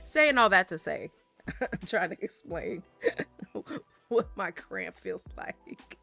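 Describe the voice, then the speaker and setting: A woman's voice: on the low side, wildly swooping pitch, slow pace, gravelly, long pauses, sharp tone, soft background music. A young adult woman vlogger chatting casually and laughing often while opening card packs.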